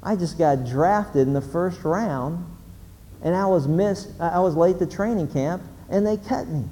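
Preacher putting on a biblical shepherd, exclaiming and anxious, in a reverberant hall with faint noise. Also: male voice, fairly high pitch, unhurried, dark tone, natural voice. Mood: regretful. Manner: exclaiming, self-reproaching. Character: despairing then eager biblical shepherd man.

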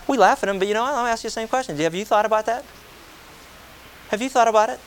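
A man preaching a sermon, animated and joking, firing rhetorical questions at his congregation. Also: very high voice, rapid-fire, long pauses, slight background noise. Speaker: pastor.

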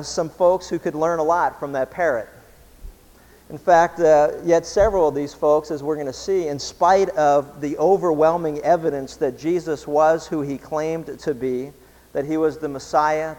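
Male pastor preaching in a reverberant hall. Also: fairly high pitch. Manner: relaxed, conversational storytelling. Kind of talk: sermon.

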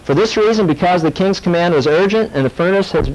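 Animated man preaching a sermon. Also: high-pitched, fairly quick, few pauses, low-quality recording. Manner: animated, jokey storytelling with sudden drops to earnest. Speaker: pastor.

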